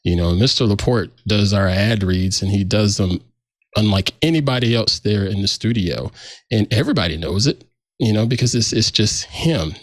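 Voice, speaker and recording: A man co-hosting a tech podcast, talking casually with a relaxed, searching manner. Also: fairly low pitch, moderate pace, no echo, clean studio sound. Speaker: podcast co-host.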